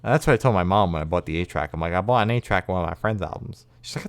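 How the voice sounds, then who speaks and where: A man's voice: deep voice, rapid-fire, clear, resonant tone, no echo. A man co-hosting a music podcast, chatting casually in a rambling way and swearing freely. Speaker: podcast co-host. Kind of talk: casual chat.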